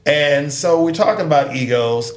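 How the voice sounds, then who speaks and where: A man's voice: a little high, normal speed, reverberant. A middle-aged man, a sitcom creator, telling stories in an interview and acting out what others said. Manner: animated storyteller, acts out quotes. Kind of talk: storytelling interview.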